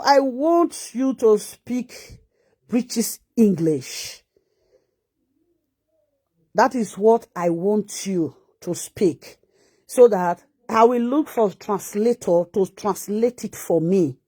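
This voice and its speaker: A Nigerian woman vlogger ranting and mocking someone with rapid rhetorical questions in a scolding manner. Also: a little high, warm tone. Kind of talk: ranting live-stream commentary.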